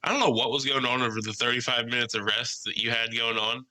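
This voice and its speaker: Bright-voiced man telling rowdy stories. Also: mid-range voice, quick pace, poor audio. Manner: animated storyteller, swears freely, mimics voices. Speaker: podcast co-host. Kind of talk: casual podcast chat.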